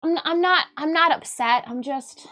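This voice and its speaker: A woman's voice: high voice, normal speed, pushed and bright. A young adult woman from Michigan, hosting her own livestream in casual, rambling chat, restarting her sentences and laughing often. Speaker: livestreaming artist and host.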